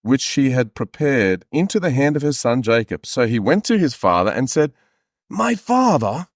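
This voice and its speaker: A man's voice: mid-range voice, big pitch swings, normal speed, no echo, studio quality. A man co-hosting a comedy podcast who reads aloud and breaks off into crude, joking asides. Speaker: podcast co-host reading the text aloud. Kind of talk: casual comedic chat and reading aloud.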